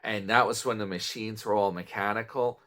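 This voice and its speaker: A man's voice: fairly low pitch, fairly even intonation, a little fast, sharp tone. A man from New York chatting casually in a meandering morning vlog, trailing off and restarting. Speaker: vlogger. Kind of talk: casual rambling morning chat.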